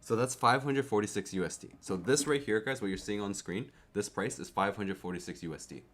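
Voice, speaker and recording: Speaking fairly quickly, a young man from Canada runs a casual keyboard stream and chats right to his audience in a fairly low voice. He gets excited easily, laughs a lot and often says things twice.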